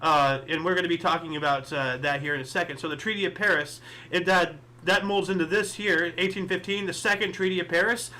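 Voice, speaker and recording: A man's voice: on the high side, fairly even intonation, a little fast, hardly any pauses, pushed and bright. A man hosting a casual history podcast, reading dates and events and rambling into chatty asides with lots of fillers. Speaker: podcast host.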